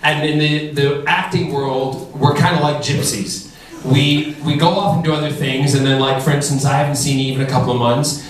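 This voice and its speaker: A man's voice: on the high side, steady tone, moderate pace. A man telling funny stories at a fan convention panel in a camp, playful, theatrical way. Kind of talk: comic storytelling at a fan panel. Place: large convention hall. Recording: echoey hall, distant mic, loud crowd.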